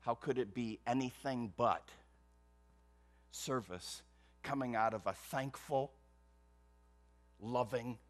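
A man's voice: medium pitch, slow, long pauses. A man preaching a sermon as pastor, emphatic, with rhetorical questions. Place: church.

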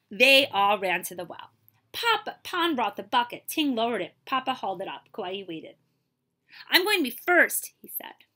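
A woman librarian reads a picture book aloud in a bright, ringing voice. She tells the story with lively expression and turns to ask her young listeners questions. At the suspenseful moments she drops into a whisper. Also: medium pitch. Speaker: librarian reading aloud to children.

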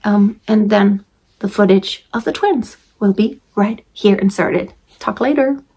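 A woman's voice: mid-range voice, unhurried, darkish tone, breathy edge. A woman talking casually to camera as a vlogger and mother of twins, chatty and rambling, often restarting and laughing.

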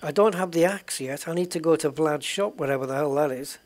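A man's voice: a little high, a little fast. Man muttering over a game. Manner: quiet, muttering thoughts aloud. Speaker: gaming channel host. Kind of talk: let's play commentary.

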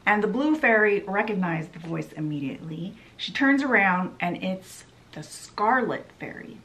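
A woman's voice: medium pitch, expressive, normal speed, fairly bright tone, low-quality recording. A woman casually retelling a book in a chatty, loose way. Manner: chatty, loose with lots of "she's like". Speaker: book vlogger.

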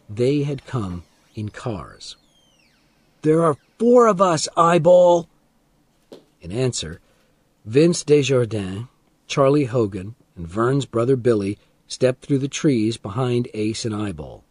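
A man reads a story aloud slowly and deliberately, with a lively, rising and falling delivery. His voice sits at an ordinary pitch. The recording is close and dry, with no room sound. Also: slightly rough, no room sound. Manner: slow, deliberate, expressive reading. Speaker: audiobook narrator. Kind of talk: scripted narration of a graded reader.

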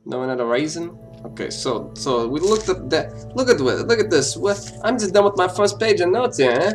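A man's voice: fairly high pitch, animated, moderate pace, soft background music, natural voice. A man putting on a brash, wisecracking tough-guy detective. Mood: mock-tough. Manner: mock-tough, rambling, teasing, puts on a put-on accent. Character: brash wisecracking male detective interrogating a suspect. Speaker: gaming YouTuber. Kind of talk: comedic let's play commentary in character.

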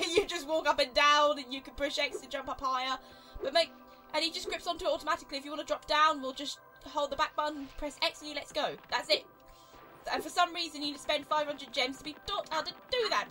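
A woman's voice: high-pitched, fairly quick, bright, forceful tone, faint music behind, poor audio. A young British woman hosting a let's play, chatty and giggly, rambling through casual gameplay commentary. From Britain.

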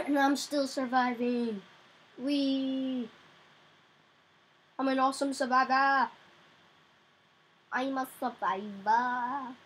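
A young woman giving casual gameplay commentary, excitable, crying out in frustration now and then. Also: high-pitched, very slow, pauses often, slight background noise, low-quality recording. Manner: excitable, yelps and cries out in frustration. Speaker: gamer.

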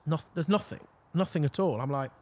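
Higher-voiced man spinning a lively yarn. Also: a little fast. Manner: lively, self-mocking anecdote teller. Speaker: podcast co-host. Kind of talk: casual chat, storytelling.

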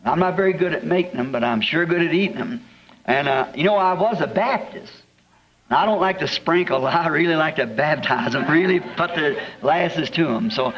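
A man with a Southern accent preaching, telling homespun stories in a chuckling, drawn-out way to a congregation. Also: a little high. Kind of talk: folksy storytelling sermon. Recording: dull lo-fi archival sermon tape, long hall reverb, faint hiss.

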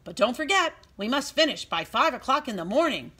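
A woman's voice: high-pitched, sing-song, fairly quick, sharp tone, husky, voice pushed up, full character voice. A proud storybook rooster who keeps the barnyard to the clock, as a woman puts him on. He sounds raised and insistent, his voice leaping up on every reminder. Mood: firm. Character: proud farmyard rooster, male, bossy timekeeper.

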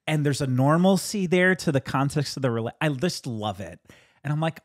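A man who is a pastor, chatting casually about his sermon as an animated storyteller who laughs often and jumps higher when he quotes people. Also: brisk, no room sound, studio quality.

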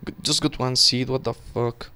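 A young man giving casual, excitable commentary while playing a game, swearing and talking to himself. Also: medium pitch, moderate pace, slight background noise. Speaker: gaming channel host.

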